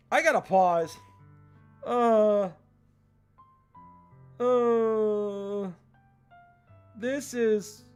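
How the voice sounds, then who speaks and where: A man streaming a visual novel, reading its text aloud and commenting with sarcastic exasperation. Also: high voice. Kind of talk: live game commentary.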